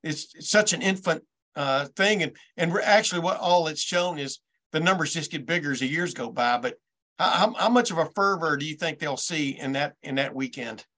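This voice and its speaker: A man's voice: on the high side, normal speed, bright, forceful tone. A man hosting a casual interview, asking questions with stammers and hesitations. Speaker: host.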